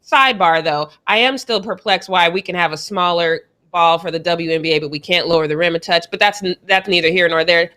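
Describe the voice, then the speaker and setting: A young woman co-hosting a sports talk show, animated and incredulous, laughing easily as she reacts to clips. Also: on the low side, brisk, few pauses. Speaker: show co-host. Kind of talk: sports commentary chat.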